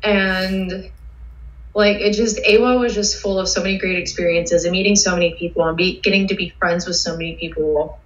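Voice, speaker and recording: A woman guest telling excitable, rambling stories with lots of fillers in a casual interview. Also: fairly low pitch, normal speed. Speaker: guest cosplayer. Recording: roomy, dull sound.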